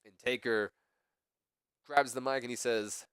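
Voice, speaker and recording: A man's voice: medium pitch, fairly even intonation, a little slow, pauses often, a bit bright, smooth, dry recording. A young man giving casual game commentary, thinking aloud and rambling with lots of "pretty much.". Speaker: let's play commentator.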